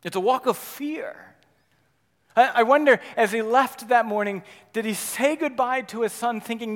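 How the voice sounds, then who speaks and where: A man preaching a sermon, swinging between loud urgent passages and quiet, intimate ones, often checking in with "right?". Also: very high-pitched, normal speed, big-room sound. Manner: dynamic preaching, rising loud then dropping soft, frequent "right?". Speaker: pastor.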